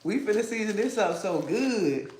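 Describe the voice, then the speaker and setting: A man's voice: sits high, animated, normal speed, darkish tone, slight background noise. A man hosting a casual cooking livestream, talking playfully and teasing his chat while he cooks. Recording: echoey room.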